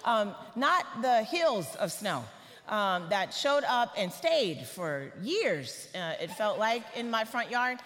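A woman, from Atlanta, giving a church sermon full of humorous personal stories told in a lively, animated way. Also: mid-range voice, slow, long reverb tail. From Atlanta, Georgia, US. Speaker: guest preacher.

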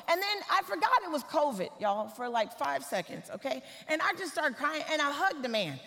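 A woman, from Atlanta, giving a church sermon full of humorous personal stories told in a lively, animated way. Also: high-pitched, brisk, vocal fry, few pauses, long reverb tail. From Atlanta, Georgia, US. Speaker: guest preacher.

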